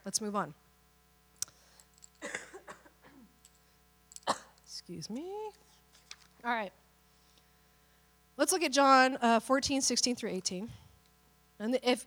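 A woman pastor gives a Bible teaching in a slightly high voice. She keeps it chatty and checks in with listeners as she goes. A long reverb from the hall hangs on her words. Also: a bit bright.

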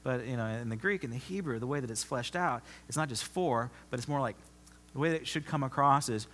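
A man preaching a sermon as pastor, emphatic, often repeating himself and swinging from loud to soft. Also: mid-range voice, brisk. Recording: long reverb of a large hall.

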